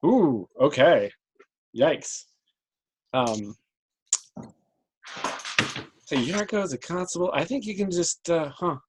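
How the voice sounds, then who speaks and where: A man running a tabletop game as game master, thinking aloud and pausing on many ums as he talks. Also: on the high side, animated, background noise.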